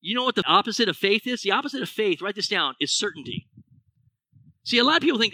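A middle-aged man preaching a sermon, animated, asking the congregation rhetorical questions. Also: high-pitched, fast talker, dry recording, low-quality recording. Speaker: pastor.

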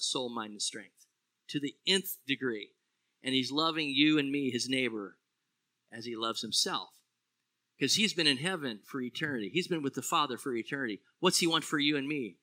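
Preaching with lively energy, this pastor swings between loud exclamations and soft, low-pitched phrases. His voice is fairly high, forceful and very bright.

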